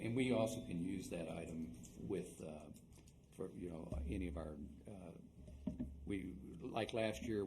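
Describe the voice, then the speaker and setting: Low-voiced man, meeting chair, halting with restarts, noisy room recording. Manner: halting, repeats words. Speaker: board president. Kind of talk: meeting discussion.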